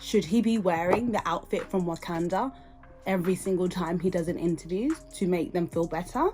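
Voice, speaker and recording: A woman's voice: fairly low pitch, a little fast, music in the background. Indignant British woman podcaster. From United Kingdom. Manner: indignant, rhetorical questioning. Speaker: podcast host. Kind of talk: reaction podcast commentary.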